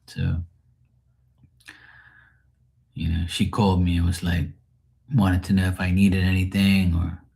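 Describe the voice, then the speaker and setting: A man casually chatting on a livestream, answering viewers' comments in a rambling way and often clearing his throat. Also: low-pitched, a little mellow. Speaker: livestream host.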